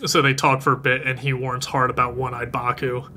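A man's voice: mid-range voice, brisk, slight background noise. A podcast host man recapping an anime in casual chat, laughing often. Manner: laughing often, animated retelling.

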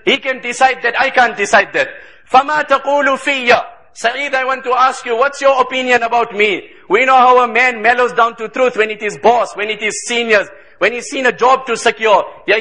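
A man's voice: very high-pitched, bright, forceful tone, rough recording. A man preaching a sermon with impassioned urgency, reciting Arabic and retelling a story to young people.

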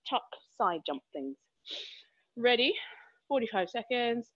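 A woman fitness instructor counts her class through squats and burpees, puffing for breath as she goes. Her voice sits high and husky, unhurried in pace, and the recording is dry and a little dull. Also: big pitch swings, no echo. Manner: encouraging, counts reps aloud, breathless between exercises. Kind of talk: live workout coaching.

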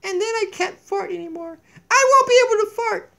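A squeaky donkey puppet in a very high, piping voice, silly and fart-obsessed, giggling and jumpy. It sounds like a goofy homemade puppet skit recorded on a tablet in a kitchen. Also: male voice, a little fast, creaky, bright, forceful tone, full character voice. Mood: giggly. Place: downstairs home kitchen. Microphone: tablet camera mic.

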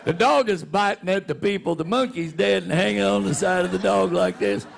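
A man's voice: high voice, expressive, fairly quick, gravelly, a little hiss or hum. A man and show regular telling a funny story in a folksy way, laughing as he goes. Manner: folksy, laughs through his own story. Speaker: rodeo announcer and show regular. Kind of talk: comic storytelling.

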